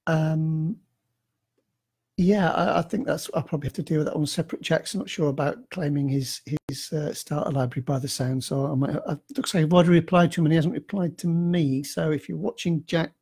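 A man's voice: fairly high pitch, steady tone, fairly quick, gravelly, darkish tone, slightly rough. A man chatting casually on a live stream, answering readers' emails in a rambling, self-deprecating way with lots of fillers and restarts. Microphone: computer mic on a live stream.

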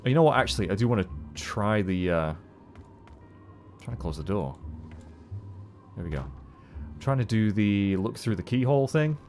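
A man giving chatty, animated gameplay commentary as a let's play host, swearing casually. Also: on the low side, normal speed, pauses often, faint music behind.

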